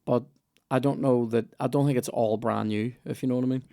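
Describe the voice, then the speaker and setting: A man talking casually on a podcast, his voice grainy with fry. He rambles and jokes with false starts, close on a dry studio mic. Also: medium pitch, fairly even intonation, fairly quick, mellow, no room sound. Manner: chatty, jokey, trailing restarts. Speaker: podcast host. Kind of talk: casual chat.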